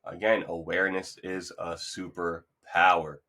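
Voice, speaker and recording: A man hosts his own podcast, delivering a casual, upbeat motivational monologue into a podcast mic. His voice sits low and sounds pushed and bright, with a flat delivery and measured pace, as he rambles loosely and encouragingly.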